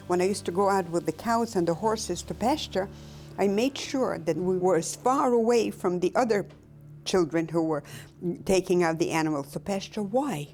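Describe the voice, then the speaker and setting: An older woman tells her own memories in a slow, halting way, pausing often. Her voice sits low and mellow, and faint music plays behind her. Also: expressive. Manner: slow, halting, reflective, with pauses. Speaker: Holocaust survivor giving testimony. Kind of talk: personal testimony, recounted memories.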